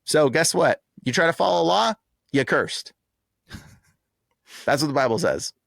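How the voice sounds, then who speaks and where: A man talking in a casual podcast interview, emphatic and animated, full of slang like "bro" and "like". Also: a little high, normal speed, gravelly, no echo, clean studio sound. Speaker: exorcist guest.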